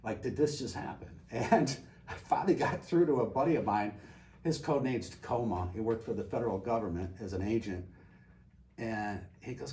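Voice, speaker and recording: Low-voiced retired man telling a story. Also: normal speed. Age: older. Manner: animated storyteller, acts out quoted dialogue. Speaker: guest. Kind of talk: casual storytelling. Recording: distant mic with faint ambient noise.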